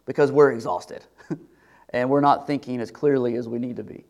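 A middle-aged man preaching a sermon to his congregation in a conversational way, sometimes dropping to a soft, confiding tone. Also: medium pitch, steady tone, moderate pace, vocal fry. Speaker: pastor.

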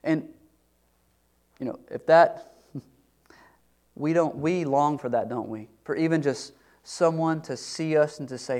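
A male pastor delivering a sermon in an earnest, conversational way. His voice sits a little above average in pitch, and he often restarts his phrases as he talks to the congregation. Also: fairly even intonation, takes it slowly, pauses often, a little mellow, smooth.

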